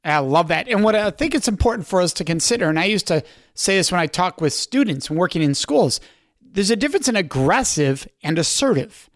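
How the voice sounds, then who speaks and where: A man's voice: high-pitched, expressive, a little fast, no room sound, clean studio sound. A man hosting an interview podcast, reflecting on and affirming his guest's points. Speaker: podcast host. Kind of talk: interview chat.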